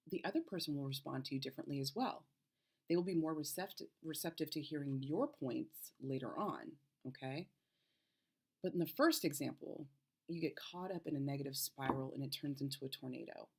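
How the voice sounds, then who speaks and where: Low husky woman coaching. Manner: explanatory, checks in with frequent "okay?". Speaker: health coach. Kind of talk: advice vlog to camera.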